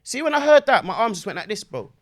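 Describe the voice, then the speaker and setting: High-voiced young man with slang. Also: very animated, quick pace. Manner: slangy, acts out voices with shouts and sound effects. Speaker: podcast guest. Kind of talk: animated storytelling in casual chat.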